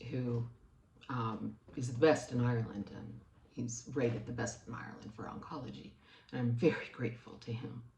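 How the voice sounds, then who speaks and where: A woman vlogger earnestly telling a personal story to the camera, growing emotional and rising in pitch as she gets upset. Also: vocal fry, a little mellow, echoey room, a little hiss or hum.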